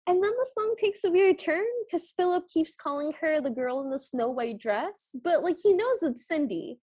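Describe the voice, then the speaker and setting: A woman's voice: extremely high pitch, animated, moderate pace, a little mellow. A woman co-hosting a podcast, chatting casually as she recaps a film and acts out lines from it. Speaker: podcast co-host. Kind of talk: casual movie recap chat.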